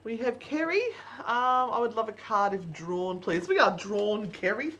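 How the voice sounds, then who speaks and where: A woman's voice: medium pitch, lively intonation, measured pace, a bit bright, highs cut off, a little hiss or hum. Cheeky woman co-hosting a live chat. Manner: cheeky, blunt, laughs often. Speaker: co-host reading tarot. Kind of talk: casual live-stream chat.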